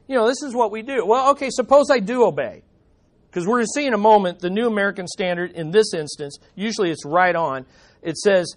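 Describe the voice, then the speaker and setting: A man preaching a sermon at a church service, animated, putting rhetorical questions to the congregation. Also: high-pitched, a little fast. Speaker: pastor.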